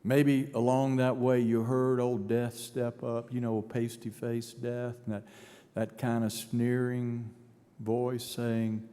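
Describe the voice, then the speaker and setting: Man preaching, dramatic sermon delivery, mellow voice, long church reverb. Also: mid-range voice, flat delivery, takes it slowly. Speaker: pastor. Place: large church sanctuary.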